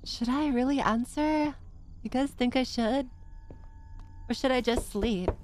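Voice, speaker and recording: A woman's voice: high-pitched, a little slow, a little mellow, a little hiss or hum. A woman streamer giving chatty live commentary on a horror game, gasping and swearing easily, with a reverb filter on her voice.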